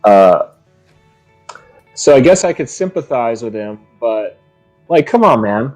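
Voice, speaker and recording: A man's voice: mid-range voice, very animated, slow pace, darkish tone, soft background music. Musing, hesitant man talking books. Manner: musing and hesitant, full of restarts. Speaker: podcast co-host. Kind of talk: casual book discussion.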